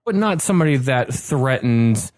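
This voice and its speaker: A man hosts a relaxed podcast chat, jumping in eagerly and stumbling over his words as he rushes ahead. His voice sits at an ordinary middle pitch. The recording is dry, with no room sound. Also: no room sound. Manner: quick, eager talker who trips over words. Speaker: podcast host. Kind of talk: casual chat.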